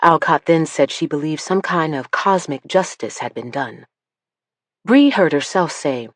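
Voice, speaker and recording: A woman narrating an audiobook thriller in a measured storytelling voice, close to the mic. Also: deep voice, lively intonation, no room sound. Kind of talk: scripted narration.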